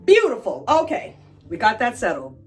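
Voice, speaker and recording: A woman's voice: on the high side, huge pitch swings, moderate pace, slightly rough. A woman hosting a casual explainer, chatty and irreverent, who swears now and then. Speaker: pop-culture explainer host.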